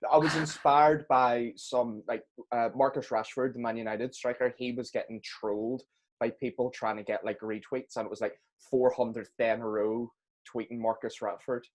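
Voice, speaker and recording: A man's voice: medium pitch, steady tone, moderate pace. Jokey man hosting a podcast. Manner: jokey, self-deprecating, laughs often. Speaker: podcast host. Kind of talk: casual interview chat.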